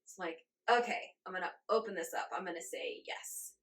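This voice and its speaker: A woman in her forties, a guest in an interview, telling her story in a lively way, laughing often and acting out her own reactions. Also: fairly low pitch, normal speed, vocal fry. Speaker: guest channeler.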